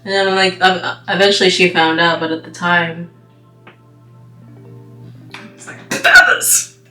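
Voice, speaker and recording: A young woman talks through a casual storytime while she does her makeup, wandering off in asides and filling gaps with "like" and "you know." Her voice sits a little low. The room is echoey and soft music plays under her. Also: little pitch movement, unhurried. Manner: rambling, heavy use of "like" and "you know". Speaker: vlogger. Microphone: camera mic. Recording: roomy echo with background music.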